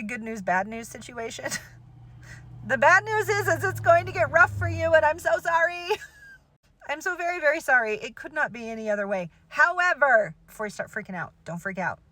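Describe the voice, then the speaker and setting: A woman spiritual teacher talking casually to her followers, animated and exclamatory, laughing often and swearing freely. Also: mid-range voice, no echo. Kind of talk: casual monologue to camera.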